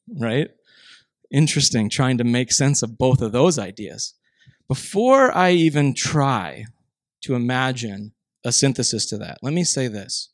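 A man from Minnesota, preaching a sermon in an animated, storytelling way with rhetorical asides. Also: mid-range voice, dry recording. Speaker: pastor.

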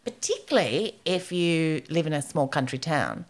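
Frank, lively woman in her fifties. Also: sits low, normal speed. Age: 50s. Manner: frank, bawdy storytelling with lots of "like" and restarts. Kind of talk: casual chat.

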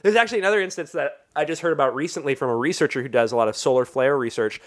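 A man co-hosting a podcast, telling stories in casual chat, animated and quick to laugh. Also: medium pitch. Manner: storytelling, animated, laughs often. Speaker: podcast co-host.

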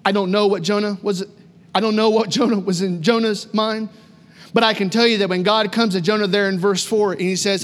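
A male pastor preaching a storytelling sermon in an animated, conversational way, full of repetition. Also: high-pitched, fairly quick, in a large hall.

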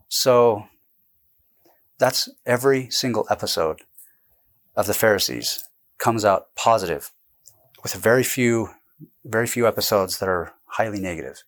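A man being interviewed about his book, explaining at length in a casual, animated way, jumping between points and restarting sentences. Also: lowish voice. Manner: animated, digressive, quick bursts with restarts. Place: indoors with a camera close by.

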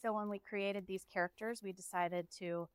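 Female educator from Texas presenting, mid-range voice, smooth and clear, dry close pickup. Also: medium pitch, fairly even intonation, normal speed, no room sound. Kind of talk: live conference presentation.

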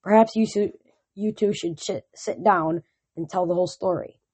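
A woman's voice: on the low side, moderate pace, darkish tone, breathy edge. Woman voicing a kindly old centaur teacher. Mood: concerned. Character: kindly wise male centaur teacher, older.

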